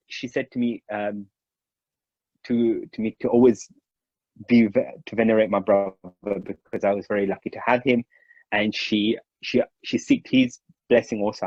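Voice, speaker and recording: A man's voice: fairly low pitch, slightly rough, dry recording. A man, from Mauritius, casually telling a personal story and acting out the quoted voices. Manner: animated, acts out quoted dialogue. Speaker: storyteller recounting memories. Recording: dry, slightly dull recording.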